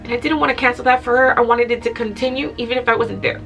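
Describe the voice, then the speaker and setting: A woman's voice: on the high side, fairly even intonation, fast talker, fairly bright tone, faint music behind. A young adult woman telling a personal story in a casual vlog, chatty and emotional at times. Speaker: vlogger.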